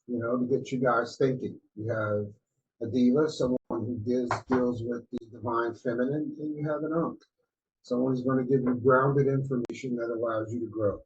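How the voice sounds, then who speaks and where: A man co-hosting a podcast, giving relaxed, mentoring advice in a casual chat. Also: medium pitch, normal speed, highs cut off. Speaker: podcast co-host.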